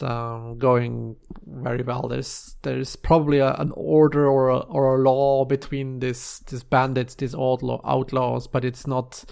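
Halting, gravelly game master. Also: male voice, medium pitch, darkish tone. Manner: halting, searching for words with many restarts. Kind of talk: improvised tabletop scene narration.

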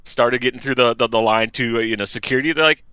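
A man's voice: medium pitch, fast, bright, forceful tone, clean tone, no echo. A man telling a travel story in casual chat over a call, rambling and full of fillers. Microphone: remote call mic.

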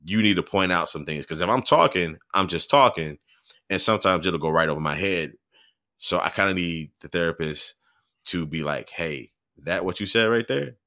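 Deep-voiced self-mocking man. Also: moderate pace, pushed and bright, dry recording, clean studio sound. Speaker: podcast co-host. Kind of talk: casual chat.

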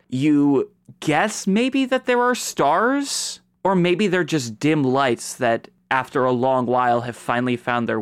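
A man narrating as game master in a tabletop game, unhurried and full of "like"s. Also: medium pitch, smooth, no echo. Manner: unhurried, filler-laden narration.

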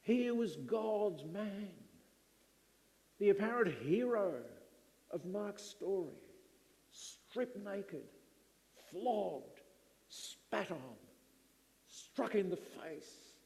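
A middle-aged man preaching a sermon, slow and emphatic with dramatic pauses. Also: sits high, lively intonation, dark tone, long reverb tail.

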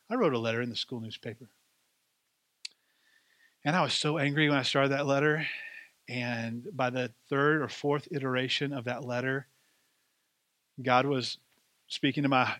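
A man's voice: medium pitch, a bit bright, dry recording. A man preaching a sermon as pastor, with a conversational, self-deprecating way of telling stories.

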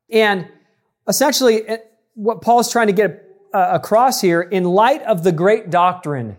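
High-voiced man preaching a sermon. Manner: teaching, emphatic, addresses congregation directly. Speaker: pastor. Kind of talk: expository sermon.

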